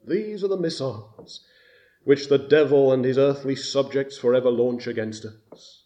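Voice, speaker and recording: A man preaching a sermon, slow and deliberate, rising to loud emphatic bursts on key words. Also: mid-range voice.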